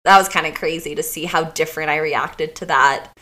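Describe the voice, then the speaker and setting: A woman's voice: sits low, steady tone, fairly quick, over a noisy crowd. A woman co-hosting a podcast, chatting casually and telling stories animatedly, with lots of fillers and laughs. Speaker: podcast co-host. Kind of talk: casual chat.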